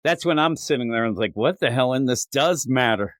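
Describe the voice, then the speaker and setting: A man's voice: medium pitch, expressive, fairly quick, no echo, clean studio sound. A man co-hosting a comic book podcast, recapping an issue in casual, profane, sarcastic chat and acting out the characters' lines.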